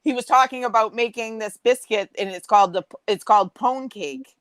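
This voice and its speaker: A woman, chatting as a panel host, bossy and teasing and quick to laugh. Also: a little high, no room sound. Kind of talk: casual chat.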